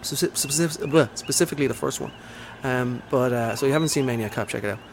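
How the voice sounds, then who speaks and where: A man's voice: mid-range voice, fast, a little hiss or hum. A man hosting a casual movie chat, enthusiastic and rambling with lots of fillers.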